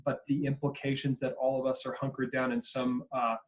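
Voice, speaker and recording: A man's voice: medium pitch, little pitch movement, a little fast. A man in his forties, a consultant on a video-call panel, telling a story in an earnest, reflective way. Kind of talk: panel webinar talk.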